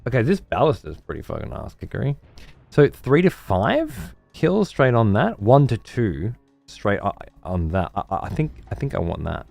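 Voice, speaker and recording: A man streams a strategy game in a low, relaxed voice. He chats with viewers and mutters to himself, swearing freely. Faint music runs underneath. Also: moderate pace, creaky. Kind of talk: casual gameplay commentary.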